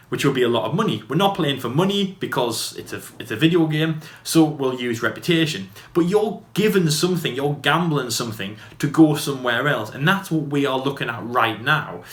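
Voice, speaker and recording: A man co-hosting a podcast, chatting casually in a quick, rambling way full of fillers and restarts. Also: medium pitch, a bit bright. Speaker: podcast co-host. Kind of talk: casual debate chat. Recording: echoey room.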